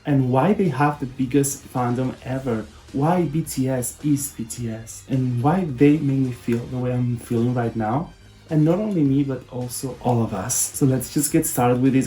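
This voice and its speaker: A young man hosting a fan vlog, talking casually in a soft, lower-toned way and sounding deeply emotional. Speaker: fan channel host. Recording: roomy echo with faint music behind.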